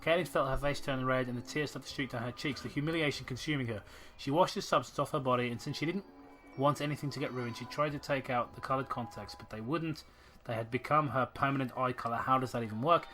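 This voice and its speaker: Bright sarcastic man reading. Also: medium pitch, fast talker, soft background music. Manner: sarcastic, swears, rants incredulously. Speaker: podcast host reading a story. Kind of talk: comedic story reading and commentary.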